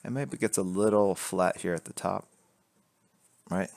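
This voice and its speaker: A man's voice: low-pitched, normal speed, creaky, no echo, studio quality. A man streaming a live drawing lesson, explaining construction lines while he sketches, joking and reading chat aloud. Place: indoors at a drawing board. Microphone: camera fixed to drawing board.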